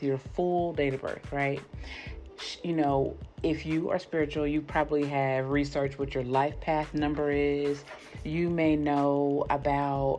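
A woman's voice: low voice, darkish tone. A woman hosting a podcast, talking casually and informally to her listeners and often checking in with "right?". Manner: chatty, keeps checking in with "right?"; addresses listeners directly, informal. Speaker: podcast host. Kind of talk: casual spiritual talk.

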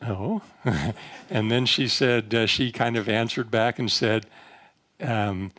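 A man giving an informal spiritual talk to a gathering, telling a story gently with soft laughs, then slowing to guide a meditation. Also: medium pitch. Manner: slows to a measured, guiding pace for meditation instructions.

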